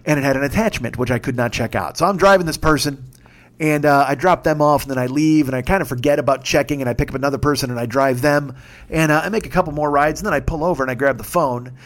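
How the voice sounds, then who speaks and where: A man in his fifties tells a long, rambling story with plenty of cursing, his voice sitting a little high. He talks like an excitable host on a casual podcast rant. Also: fast. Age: 50s.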